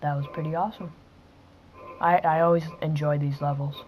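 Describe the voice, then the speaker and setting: A woman recording let's-play commentary who breaks into sudden excited yelps and mutters whispered asides under her breath. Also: deep voice, brisk, dull audio, slight background noise. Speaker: gaming video host.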